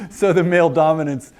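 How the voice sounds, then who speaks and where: A man's voice: on the high side, darkish tone. A man giving an informal philosophy lecture to a class of older adults, chatty and joking with frequent fillers. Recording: lecture room.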